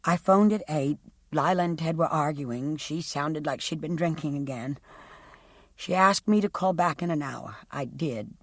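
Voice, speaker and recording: Woman narrator as young female witness, grieving, quiet halting delivery, audiobook, dry close sound. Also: low voice, dry recording. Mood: distressed. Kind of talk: audiobook character reading.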